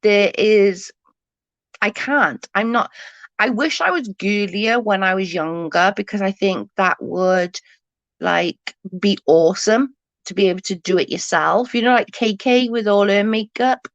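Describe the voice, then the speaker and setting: A woman's voice: mid-range voice, unhurried, no room sound, highs cut off. A woman hosting a live stream, chatting casually with viewers; she is tired, stutters a little and keeps restarting her sentences. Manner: mild stutter.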